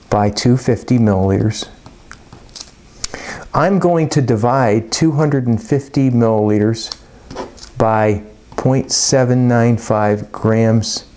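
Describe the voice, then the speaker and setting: A middle-aged man talks through a chemistry lesson in a casual, folksy way. He rambles and drops jokey asides, and his voice sits at an ordinary middle pitch. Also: dark tone. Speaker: chemistry teacher. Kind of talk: casual lecture.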